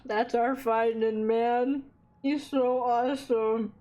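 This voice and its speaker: A woman streaming a game, reacting with excitable, dramatic, tearful outbursts. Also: on the high side, takes it slowly.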